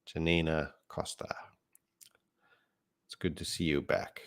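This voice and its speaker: A man's voice: rumbling low, flat delivery, takes it slowly, creaky, fairly bright tone. A man teaching a live online English lesson, explaining words patiently and reading out viewer comments.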